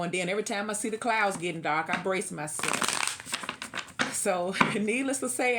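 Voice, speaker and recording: A woman's voice: mid-range voice, very noisy. A woman giving a casual tarot reading, chatty and preachy, laughing often. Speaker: tarot reader.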